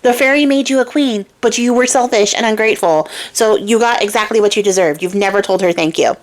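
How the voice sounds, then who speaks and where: A woman's voice: medium pitch, fairly quick, lightly acted. A woman voicing a grumpy, blunt old man in a retold fairy tale who lectures in a scolding way.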